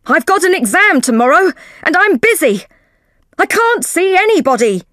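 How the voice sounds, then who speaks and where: A woman voicing a surly young male student in a storybook reading, loud and irritable. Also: extremely high pitch, big pitch swings, moderate pace, no echo, clean studio sound, pitched above the performer's own voice, full character voice. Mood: irritated. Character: surly male student shouting behind a door.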